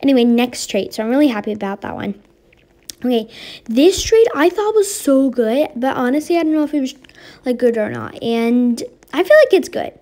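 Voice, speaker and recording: A high-voiced young woman talks through her game trades in a casual voiceover. She is excitable and chatty, full of fillers and "I was like" asides. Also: moderate pace. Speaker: gaming vlogger. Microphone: voiceover mic.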